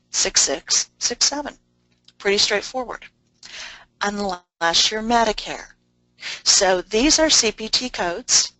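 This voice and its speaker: A woman giving a webinar lecture on medical coding, explaining things briskly with asides and fillers. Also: mid-range voice, pushed and bright, no echo, poor audio.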